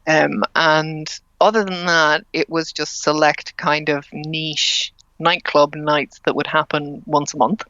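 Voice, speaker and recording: A woman's voice: low voice, flat delivery, takes it slowly, few pauses, fairly bright tone, dry recording, highs cut off. Chatty Irish woman in her late thirties. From Ireland. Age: late 30s. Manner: chatty, self-deprecating, frequent ums. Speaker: guest, drag king performer. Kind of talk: casual interview chat.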